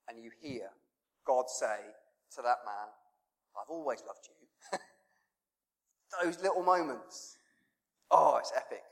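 A man preaching an informal sermon, conversational and self-deprecating, with lots of rhetorical questions. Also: mid-range voice. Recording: long hall reverb.

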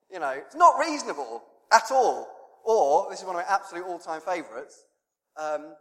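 Very animated and high-pitched, this man preaches at normal speed in a long, reverberant hall. His informal sermon is conversational and self-deprecating, peppered with rhetorical questions.

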